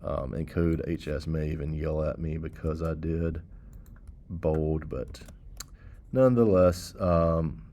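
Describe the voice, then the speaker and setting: A man's voice: rumbling low, steady tone, slow pace, mellow, a little hiss or hum. A man teaching web design, casually walking through code steps and checking in with "okay" and "all right" as he goes. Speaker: computer science teacher. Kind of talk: screen-recorded coding tutorial.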